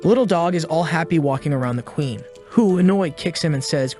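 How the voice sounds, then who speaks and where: A man narrating a story recap from a script, telling it in a brisk, plain way. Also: fairly high pitch, a little mellow. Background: faint music.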